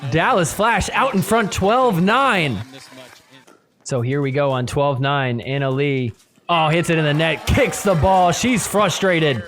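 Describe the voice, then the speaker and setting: Excitable man calling play-by-play. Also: fairly high pitch, a little slow. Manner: excitable, gets loud at big points. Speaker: podcast host. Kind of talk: play-by-play recap commentary.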